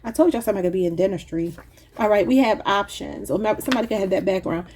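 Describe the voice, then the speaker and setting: A woman reads tarot cards in a loose, chatty way, talking straight to her viewers and breaking into laughter at her own words. Her voice is mellow and a little husky. She keeps the tone easy and conversational throughout. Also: mid-range voice, animated, fast talker. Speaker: tarot reader. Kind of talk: casual tarot reading to camera.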